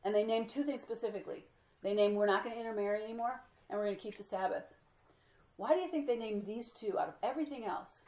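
A woman's voice: fairly high pitch, quick pace, reverberant. A woman teaching a group Bible study, telling stories with energy and acting out what people said. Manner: lively storyteller who acts out quoted speech.

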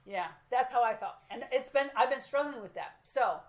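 A woman's voice: fairly high pitch, normal speed, low-quality recording. Chatty woman teaching a small group. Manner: chatty, self-deprecating storytelling. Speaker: Bible study teacher. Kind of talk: casual teaching talk. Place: small meeting room with group.

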